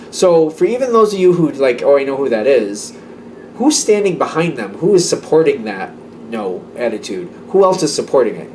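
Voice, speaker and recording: A man's voice: mid-range voice, a little mellow, recorded from a distance. A man gives a casual tarot reading, talking in a chatty, repetitive way and laughing lightly between thoughts. His voice sits a little away from the microphone, with a faint hum of room ambience behind it. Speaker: tarot reader.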